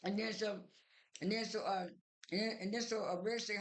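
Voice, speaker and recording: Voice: mid-range voice, steady tone, normal speed. A vlogger casually retelling a reality show episode at length, full of fillers, restarts and strings of "and then.". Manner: rambling, many fillers and restarts; strings events together with "and then".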